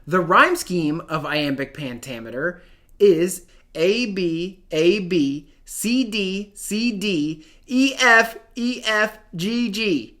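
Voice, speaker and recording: A young man leads an online lesson, his bright voice swinging widely up and down. He jokes, uses slang and chants terms in a sing-song rhythm. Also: high-pitched, expressive, slow. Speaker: teacher.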